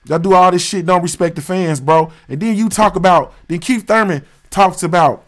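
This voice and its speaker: A man's voice: sits high, normal speed, a bit bright. A boxing show host from Ohio, speaking. He rants on a livestream, heated and profane, loops back on his own phrases, and piles on street slang. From West Dayton, Ohio, USA. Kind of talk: livestream rant.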